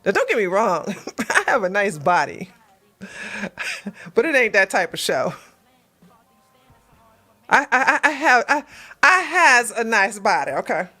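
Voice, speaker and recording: Woman, livestream host; bright, slightly high voice; loose, laughing, repetitive chat with viewers. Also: sing-song, unhurried, pauses often, faint music behind. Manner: laughs often, repeats herself, talks straight to chat.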